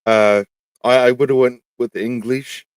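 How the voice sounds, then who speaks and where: A man from Canada, a guest in a casual chat, talking in a hesitant, halting way. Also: mid-range voice, steady tone, smooth, no room sound.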